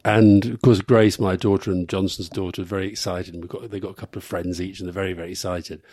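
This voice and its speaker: A man's voice: deep voice, fairly even intonation, fast talker, darkish tone, no room sound, clean studio sound. A middle-aged man co-hosting a live podcast, rambling through anecdotes and chuckling at his own stories. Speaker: podcast co-host.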